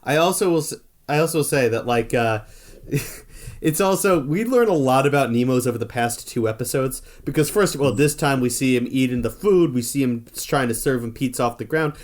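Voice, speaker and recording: A man's voice: medium pitch, fairly quick. Rambling, self-deprecating podcast man. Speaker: podcast co-host. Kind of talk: casual comedic podcast chat.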